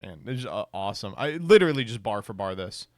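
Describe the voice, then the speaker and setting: A man's voice: on the low side, big pitch swings, fast, no room sound. A man streaming reaction commentary, sarcastic and swearing, laughing often.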